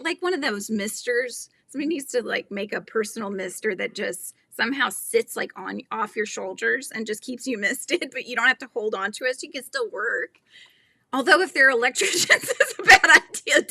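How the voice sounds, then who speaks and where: A woman's voice: a little high, vocal fry, bright, forceful tone, no room sound, studio quality. A woman with a Californian accent hosting a casual livestream, chatting, giggling and reading viewer comments aloud. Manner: chatty, giggly, trails off mid-sentence. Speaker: crochet livestream host.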